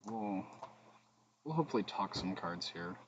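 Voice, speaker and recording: A man's voice: low-pitched, expressive, moderate pace, muffled recording, a little hiss or hum. A man streaming a card game, thinking aloud between plays, humming and muttering, with joking asides to his chat. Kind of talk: casual gameplay commentary.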